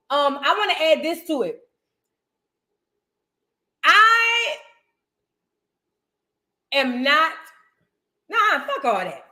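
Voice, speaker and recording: A woman with a high, bright-sounding voice hosts her own commentary channel. She rambles in loose slang and speaks bluntly and animatedly. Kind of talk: casual reaction commentary.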